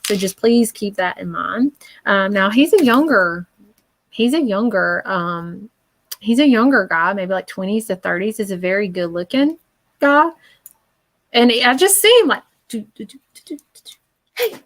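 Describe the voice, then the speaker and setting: A woman's voice: mid-range voice, lively intonation, a little slow. A woman psychic medium giving a live spirit reading in a chatty, reassuring way, full of fillers and check-ins.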